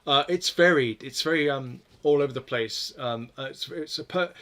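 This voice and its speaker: A man's voice: medium pitch, normal speed, a bit bright. Rambling man streaming code. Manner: rambling, swears freely, self-deprecating. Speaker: live-coding streamer. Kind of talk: casual stream chatter while coding.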